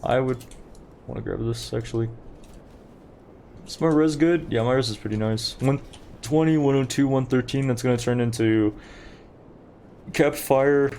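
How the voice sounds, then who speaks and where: A man's voice: medium pitch, creaky, a little mellow, slight background noise. A young man streaming a game, chatting casually and rambling to his viewers while he plays. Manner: chatty, rambling, talks to chat while playing. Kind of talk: casual gameplay commentary.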